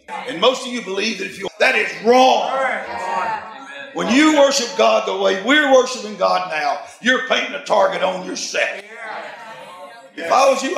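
A preacher in his sixties tells his sermon as a story, animated and quick to laugh. His voice is high with a gravelly edge, and it rings through an echoey room.

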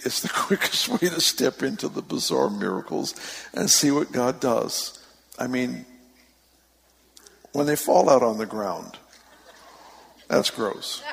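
A gravelly-voiced man preaches in a storytelling way, building to excited emphasis and laughing easily. His voice rings out with a long hall reverb. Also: mid-range voice, a little slow, pauses often. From San Francisco Bay Area. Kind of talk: sermon.

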